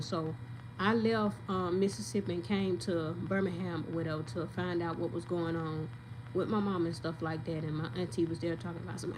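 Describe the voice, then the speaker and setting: A woman's voice: fairly low pitch, steady tone, fairly quick, noisy background. Emphatic woman venting her story. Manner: emphatic, venting, talks straight to viewers. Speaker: vlogger telling her story. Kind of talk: casual storytelling rant.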